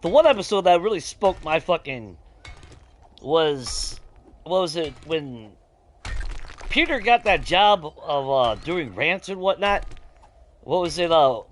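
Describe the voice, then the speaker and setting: A man's voice: on the high side, takes it slowly, long pauses, slight background noise. A man, talking casually while he plays, ranting with heavy swearing. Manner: profane, animated ranting with laughs. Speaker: gaming streamer. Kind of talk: casual ranting chat over gameplay.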